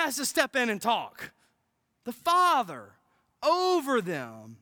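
A man's voice: very high voice, huge pitch swings, takes it slowly, sharp tone. A man pastor preaching a sermon, emphatic and asking the congregation rhetorical questions.

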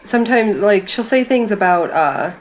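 A woman co-hosting a casual podcast, relaxed and laughing often. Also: medium pitch, moderate pace, highs cut off. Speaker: podcast co-host.

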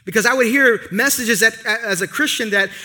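New male pastor, high bright voice, chatty storytelling sermon, big reverberant church. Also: brisk. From Brooklyn, New York. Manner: lively conversational storytelling. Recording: long reverb of a large hall.

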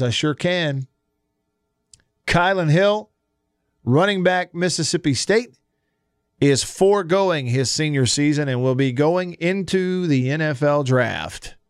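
Male radio host, relaxed and conversational, close dry studio mic. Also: a little high, clean tone, no room sound. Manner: relaxed, chatty, laughs easily. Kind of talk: casual sports talk radio. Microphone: studio microphone.

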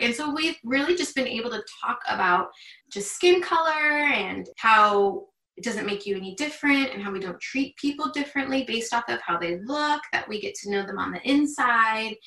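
A woman in her thirties speaks with heartfelt earnestness in a loose, chatty way. Her voice is bright and forceful. She sits a little back from the mic in a roomy, echoing space. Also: medium pitch, distant mic. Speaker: guest. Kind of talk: candid conversation.

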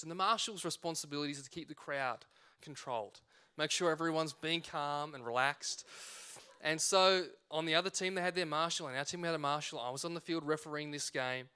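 A man preaching from the pulpit, his voice pitched high for a man. He tells a personal story with animated energy and acts out the people in it. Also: clean tone. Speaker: pastor.

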